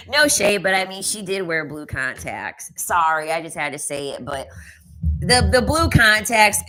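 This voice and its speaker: Sassy, emphatic woman with a bright voice. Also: on the low side, low-quality recording. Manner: sassy, emphatic, repeats lines for effect. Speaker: commentary vlogger. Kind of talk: casual commentary rant.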